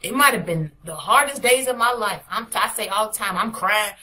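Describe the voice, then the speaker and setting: Bright-voiced woman preaching with fervor. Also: mid-range voice, moderate pace, poor audio. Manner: emphatic, repetitive exhortation with bursts of laughter. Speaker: prophetic minister. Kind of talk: informal devotional preaching.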